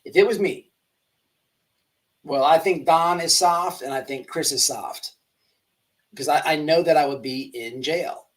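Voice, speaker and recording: A man's voice: fairly high pitch, unhurried, pauses often. A man hosting a livestream commentary show, rambling and emphatic with many restarts. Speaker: host.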